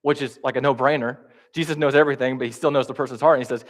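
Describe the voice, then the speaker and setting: A man's voice: mid-range voice, steady tone, rapid-fire. A man preaching in a church, talking conversationally and with humor, acting out the quotes he tells. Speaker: pastor teaching a class. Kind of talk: sermon.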